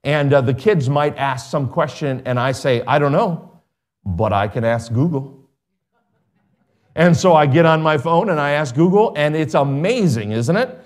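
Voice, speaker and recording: A man's voice: fairly high pitch, lively intonation, moderate pace. A middle-aged man preaching a sermon in a conversational way, with sarcastic asides and emphatic rises.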